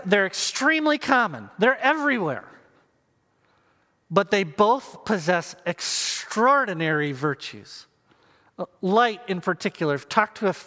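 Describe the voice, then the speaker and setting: A man preaching a sermon to viewers, earnest and measured, with pauses and emphatic repetition. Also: sits high, sharp tone, in a large hall. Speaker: pastor.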